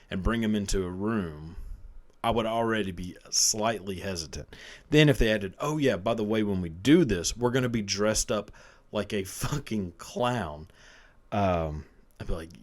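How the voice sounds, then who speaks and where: A man in his thirties, a podcast host, telling a profane, rambling comic story and laughing often. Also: fairly low pitch. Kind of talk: casual comedic storytelling.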